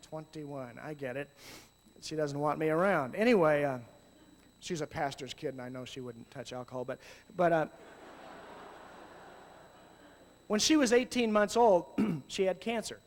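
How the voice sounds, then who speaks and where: A middle-aged man giving a talk on youth ministry, swinging from hushed, slow passages to loud, animated storytelling. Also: on the high side, a little hiss or hum. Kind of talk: conference talk. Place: large hall with audience. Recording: long hall reverb.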